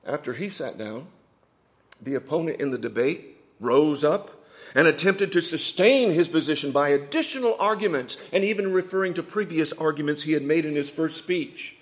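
A man preaching a sermon, telling a story with dramatic swings from hushed asides to loud emphatic points. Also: on the high side, normal speed.

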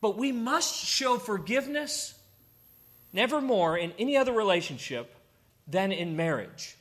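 A man's voice: extremely high pitch, a bit bright. A middle-aged man preaching a sermon in an earnest, conversational way, with personal stories. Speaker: pastor.

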